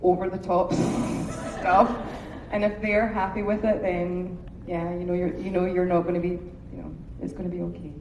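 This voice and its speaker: A British woman tells a set story, self-deprecating and full of restarts. Her voice rings around a large, echoey convention hall with clear noise behind. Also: fairly low pitch, little pitch movement, normal speed, darkish tone, far from the mic. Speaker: actress panel guest. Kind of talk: convention panel anecdote.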